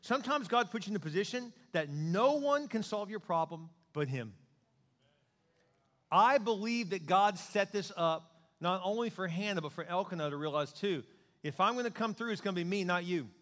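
A male pastor preaching a sermon in a conversational, joking and animated way. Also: high voice, moderate pace, in a large hall.

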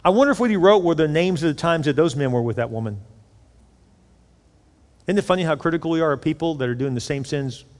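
A man's voice: on the high side, lively intonation, fast, long pauses, big-room sound. A male pastor preaching a sermon, acting out people's inner voices as his volume swells and drops. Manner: preaching with acted-out inner voices, rising and falling in loudness.

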